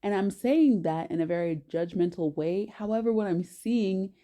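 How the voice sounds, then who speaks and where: A woman telling a personal story to camera in an animated, emphatic way, often correcting herself mid-sentence. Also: mid-range voice, normal speed.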